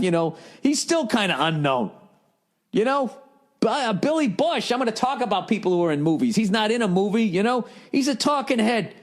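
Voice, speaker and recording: A man hosting a podcast, ranting in an exasperated, profane monologue while jet lagged. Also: high voice. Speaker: podcast host.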